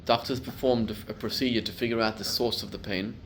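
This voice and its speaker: A middle-aged man, a rabbi, giving a class to a live group, telling stories and building to loud emphatic peaks. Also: mid-range voice, steady tone, fast, a little hiss or hum.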